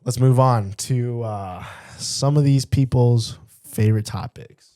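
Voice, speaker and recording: A man's voice: mid-range voice, slow pace, warm tone. Man with a nasal cold voice. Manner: laughs while telling stories. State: sick with a cough and stuffy nose. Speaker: podcast co-host. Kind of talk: casual chat.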